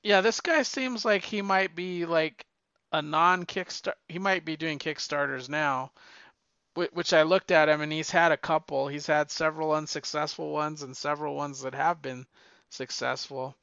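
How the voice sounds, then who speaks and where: Chatty rambling man, bright clear voice. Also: on the high side, fairly even intonation, dry recording, lo-fi sound. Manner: rambling, halting with restarts and fillers. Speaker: podcast co-host reviewing comics. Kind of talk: casual chat.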